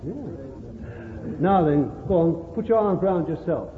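A man's voice: a little high, a little slow, long pauses, noisy background. A man preaching a sermon to a congregation, fervent and exclamatory, calling out to his listeners. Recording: echoey hall, tinny lo-fi line.

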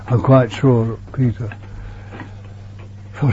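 A man preaching a sermon in an earnest way, repeating words and sometimes dropping to a hush, on a dull lo-fi recording with a faint hum. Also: medium pitch, slow, long pauses.

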